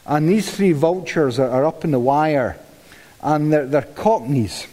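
A male preacher giving a sermon in a lively, conversational way, with dry humour and repeated words, in a church hall. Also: on the high side, measured pace.

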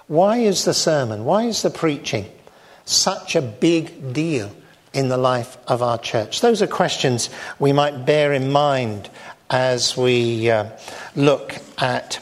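A man preaching a sermon, measured and emphatic, slowing down to stress key phrases. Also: mid-range voice.

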